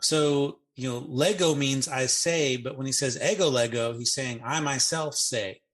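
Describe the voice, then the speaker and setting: A man co-hosting a podcast, explaining grammar in casual chat. He spells out forms slowly and drops in playful asides. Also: medium pitch, steady tone, fairly bright tone. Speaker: Greek grammar podcast co-host. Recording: podcast audio.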